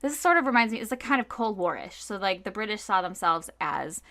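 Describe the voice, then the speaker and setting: A woman with a mid-range voice co-hosts a history podcast, reading casually from her notes and then riffing with fillers and asides. She talks fairly quickly with big swings in pitch and some vocal fry, and her tone is pushed and bright. The recording is dry.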